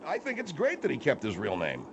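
A man hosting a comedy talk radio show, brisk in promos and exasperated in banter. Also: mid-range voice, wildly swooping pitch, gravelly, heavy background noise.

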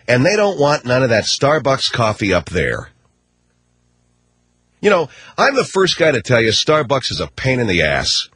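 A middle-aged male talk radio host with a husky, slightly breathy voice that swings widely in pitch. He rants brashly and sarcastically, mocking everything in a comic monologue. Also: dry recording. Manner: brash, sarcastic, animated ranting.

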